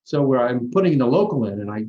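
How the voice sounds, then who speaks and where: A middle-aged man, a plastic surgeon, talking through patient stories in a relaxed, rambling interview with frequent restarts. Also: medium pitch, fast. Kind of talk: conversational interview storytelling. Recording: dull lo-fi audio.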